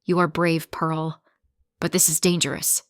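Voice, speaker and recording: A woman voicing a cautious but kindly male teacher colleague in plain, even speech. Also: low-pitched, measured pace, no room sound, studio quality.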